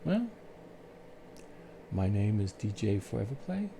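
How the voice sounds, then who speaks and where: A man calmly telling his life story on his own channel, in a soothing, unhurried way with pauses. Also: lowish voice, gravelly, background noise. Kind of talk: slow reflective storytelling.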